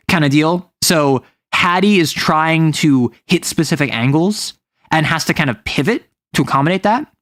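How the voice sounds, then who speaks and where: Recounting a campaign he ran, a man chats casually as a game master, rambling, correcting himself, and saying "like" a lot. His slightly high voice moves unhurriedly, recorded with clean studio sound and no room sound.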